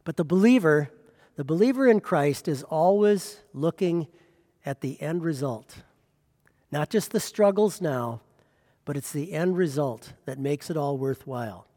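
A man's voice: a little high, animated, a little slow, dark tone, in a large hall. A man preaching a sermon as pastor, pressing with rhetorical questions.

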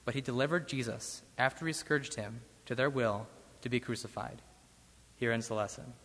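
A man reading a Bible passage aloud in church with a measured, solemn delivery. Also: medium pitch, fairly even intonation, fairly bright tone. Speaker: scripture reader. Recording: long church reverb.

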